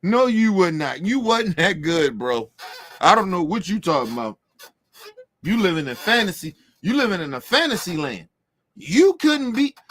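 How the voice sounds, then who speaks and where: Man, AAVE, high animated voice, brash and profane opinion rant on boxing. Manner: brash, profane, mocking, emphatic. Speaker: boxing commentator.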